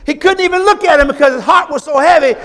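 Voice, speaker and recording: A male pastor preaching a fervent sermon, swinging between loud, emphatic repetition and hushed, intimate moments, with folksy asides to his congregation. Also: very high voice, quick pace.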